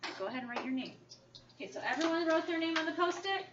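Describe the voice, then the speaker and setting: A woman's voice: very high voice, expressive, very fast. A woman teacher leading a small-group reading lesson, patiently asking questions and coaxing the children to answer. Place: classroom. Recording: echoey, distant, dull, noisy classroom recording.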